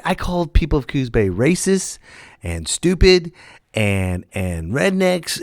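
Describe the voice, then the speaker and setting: A man with a fairly low voice hosts his own comedy podcast, spinning road stories in a loose, chatty monologue. He keeps breaking into loud, animated impressions of the people in them. The sound is close and dry, with no room around it. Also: dry recording. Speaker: podcast host and stand-up comedian. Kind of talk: casual storytelling monologue.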